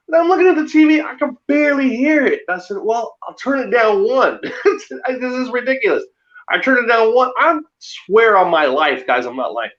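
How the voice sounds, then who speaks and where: Animated man telling a ghost story. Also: very high-pitched, moderate pace, muffled recording. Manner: animated storyteller, laughs often. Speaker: guest. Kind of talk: casual storytelling.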